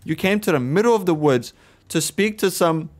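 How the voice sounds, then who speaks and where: A man's voice: on the high side, expressive, moderate pace. A young man of about twenty, swearing and ranting in exasperation as he plays and comments on a horror game. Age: around 20. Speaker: gaming video creator.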